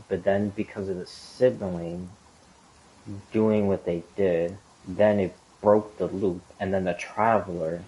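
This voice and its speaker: Rough recording captures a low, a little mellow male voice. He's a gaming lore commentator casually explaining a theory in a monologue, wandering and hesitant, with frequent filler words and restarts.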